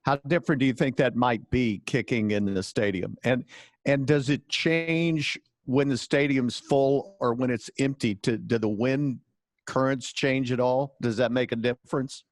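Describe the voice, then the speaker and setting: A man's voice: medium pitch, a little slow, no echo. A man, a sports reporter, asking curious, detailed questions.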